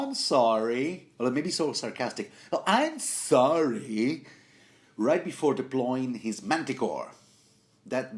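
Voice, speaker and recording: A man hosting a rambling, casual book commentary, full of self-corrections and jokey asides. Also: fairly low pitch.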